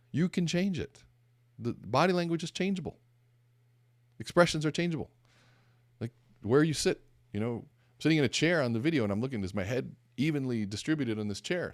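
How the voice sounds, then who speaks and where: Deep-voiced man telling a lively story. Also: no echo, clean studio sound. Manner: animated storyteller, acts out dialogue. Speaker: podcast host. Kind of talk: motivational talk with storytelling.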